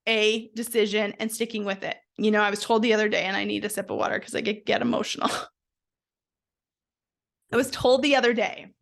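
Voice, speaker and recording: Woman host, somewhat high voice, blunt and emphatic, swears often, motivational solo podcast.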